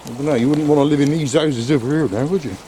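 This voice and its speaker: Bloke grumbling into his phone outside, mellow low-ish voice, a bit out of breath, faint street and traffic noise. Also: quick pace. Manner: grumbling, exasperated, swears mildly. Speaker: vlogger. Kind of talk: casual vlog commentary while walking and driving. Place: outdoors on a street in the rain, then inside a car.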